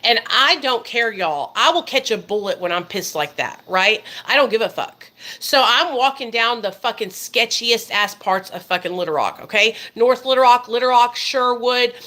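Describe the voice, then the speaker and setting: A woman's voice: a little high, animated, moderate pace, few pauses, bright, forceful tone. A woman, telling a story to her viewers in a profane, emphatic way. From Arkansas, USA. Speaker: vlogger. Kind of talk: casual storytime monologue.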